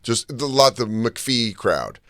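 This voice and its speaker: A man co-hosting a casual talk show, telling stories and doing loud impressions of fans. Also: mid-range voice, very animated, slow pace, no echo, clean studio sound. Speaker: podcast co-host. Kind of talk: casual chat.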